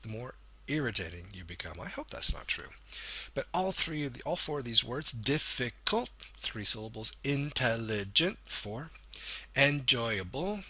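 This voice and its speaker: A man's voice: mid-range voice, bright, forceful tone, slightly rough. A man teaching an English grammar lesson, patiently explaining and drawing out key words as he goes. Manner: patient, stretches key words, corrects himself. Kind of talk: recorded video lesson.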